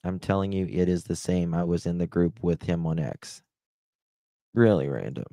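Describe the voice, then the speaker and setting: A man hosting a casual live stream, rambling and hesitant, warmly thanking chat. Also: low voice, moderate pace, no room sound. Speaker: livestream host.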